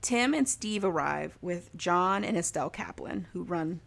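A woman's voice: on the low side, lively intonation, unhurried, gravelly, a bit bright. A young woman casually recapping a TV show for a podcast, chatty and full of "like", laughing often. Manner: chatty, heavy use of "like", frequent laughs.

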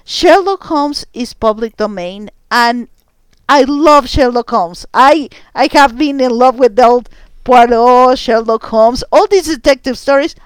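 Bright, crisp-voiced woman theater director. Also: on the high side, a little slow, dry recording. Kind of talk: interview guest.

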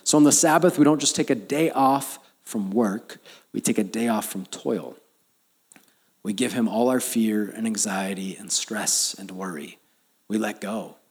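A man preaching a sermon as pastor, telling personal stories, building to emphatic lines and dropping to quiet, low asides. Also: unhurried, husky. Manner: storytelling, rising to emphatic peaks then dropping soft and low.

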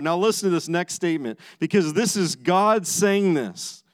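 Emphatic pastor, clear voice. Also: male voice, sits high, animated, normal speed, few pauses, dry recording. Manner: emphatic, swings between raised and hushed delivery; repeats words when starting sentences. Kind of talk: sermon.

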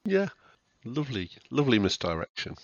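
A man's voice: mid-range voice, very animated, a little fast, no room sound. A man co-hosting a podcast, agreeing readily in short remarks that trail off. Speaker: podcast co-host. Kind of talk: casual chat about a TV show. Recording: dull lo-fi dry mic.

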